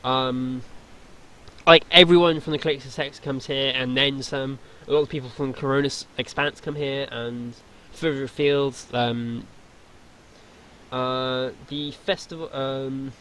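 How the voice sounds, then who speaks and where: A man's voice: medium pitch, sharp tone, slight background noise. A man running a tabletop role-playing game, explaining lore in a rambling way with lots of fillers. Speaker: game master.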